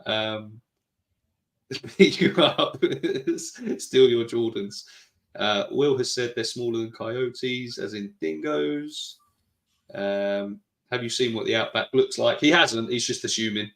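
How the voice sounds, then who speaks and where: Taking it slowly with some vocal fry, a British podcast co-host reads live chat aloud and needles his co-host, arguing and laughing often in a casual exchange. His voice is mid-range and a bit bright, and the recording is reverberant.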